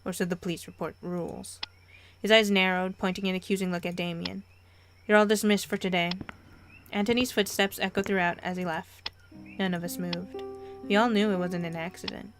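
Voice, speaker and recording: A woman reading a story game aloud with expressive delivery, stumbles and wry asides, music playing behind. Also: fairly low pitch, a little fast. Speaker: game narrator and player.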